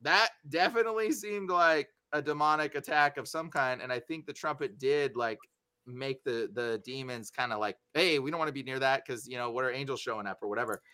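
A man telling a story in casual talk, animated and acting out the other voices in it. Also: medium pitch, brisk, clean tone, no room sound. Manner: animated, acts out voices in his stories.

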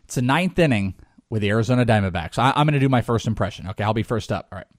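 A man's voice: fairly low pitch, lively intonation, rapid-fire, dry recording, studio quality. A man co-hosting a podcast in casual, joking chat, rambling and laughing. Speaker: podcast co-host.

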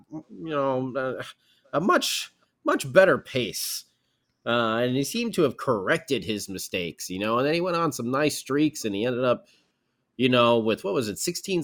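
A man's voice: mid-range voice, fairly bright tone. A man co-hosting a casual sports podcast, sarcastic and exasperated. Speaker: podcast co-host.

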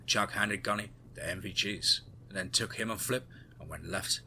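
A man narrating a first-person adventure story in a steady storytelling manner. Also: low-pitched, normal speed, slight background noise.

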